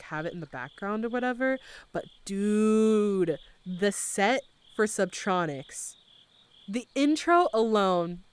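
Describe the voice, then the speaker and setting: A woman's voice: mid-range voice, clean tone. A young adult woman streamer chatting casually with her live chat, using lots of slang and laughing often.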